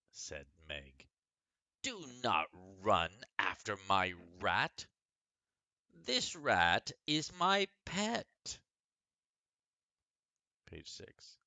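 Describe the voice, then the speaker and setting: A man's voice: low-pitched, pushed and bright, no room sound. A man teaching English who reads a children's story aloud, with exaggerated rises and falls in his voice, recorded close to the mic. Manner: exaggerated rise and fall in the voice, slow and careful.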